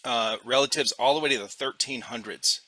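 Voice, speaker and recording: Bright-voiced laid-back American man. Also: mid-range voice, fairly quick, no room sound. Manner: relaxed, uses dude and like, trailing off. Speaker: podcast host. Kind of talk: casual chat.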